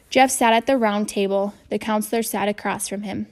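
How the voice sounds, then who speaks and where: A woman reads a children's chapter book in a steady, even narration. Her voice is mid-pitched with a gravelly grain. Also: brisk, few pauses. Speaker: audiobook narrator. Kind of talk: reading a children's novel aloud.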